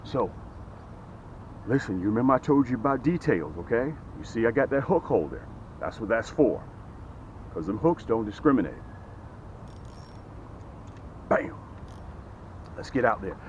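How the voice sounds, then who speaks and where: A man's voice: mid-range voice, very animated, normal speed, pauses often, darkish tone, dull audio, a little hiss or hum. Folksy man demoing fishing tackle. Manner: folksy, keeps checking in with "okay?". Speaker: fishing vlogger. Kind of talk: casual how-to demonstration. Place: outdoors by the water.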